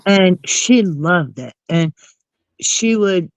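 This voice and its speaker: A woman with a New Jersey accent and a cold, rambling through casual gossip with animated asides. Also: lowish voice, very slow, no echo, rough recording. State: has a cold. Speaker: chat participant.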